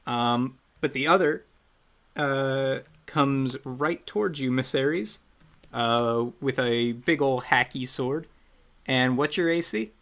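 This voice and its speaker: Slow, bright-voiced male game master. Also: medium pitch. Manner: loose and chatty, trailing off and restarting. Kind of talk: running a tabletop game, casual narration.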